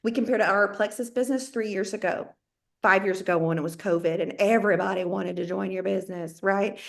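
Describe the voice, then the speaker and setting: A woman giving a lively motivational talk to her sales team, folksy and high-energy, often acting out what people say. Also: brisk, vocal fry. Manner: high-energy, folksy, acts out quoted voices. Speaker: network marketing team leader.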